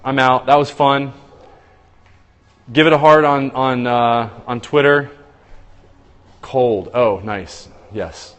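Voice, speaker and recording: A man's voice: medium pitch, slow pace, pauses often, clean tone, big-room sound. A man hosting a casual phone livestream, chatting loosely and reading out viewers' comments. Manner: chatty, reads viewer comments aloud and greets viewers by name. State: tired after a long day. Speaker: livestream host.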